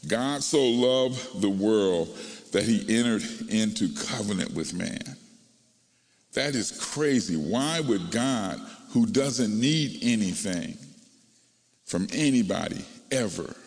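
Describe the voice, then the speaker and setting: A man's voice: lowish voice, lively intonation, slow pace. A male pastor preaching a sermon, calling out to his congregation and breaking into song. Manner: call-and-response preaching, rising to singing and shouting. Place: church sanctuary. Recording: long reverb of a large hall.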